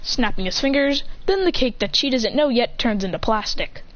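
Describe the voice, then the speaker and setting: A young woman casually telling a fan story with restarts, slipping into quick character voices, on a dull lo-fi recording. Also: on the high side, animated.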